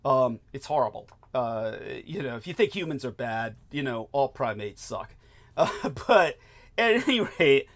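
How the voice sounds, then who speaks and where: A man's voice: mid-range voice, very animated, unhurried, fairly bright tone. A man hosting a casual talk show, lecturing in a rambling, profane way with lots of fillers. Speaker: host.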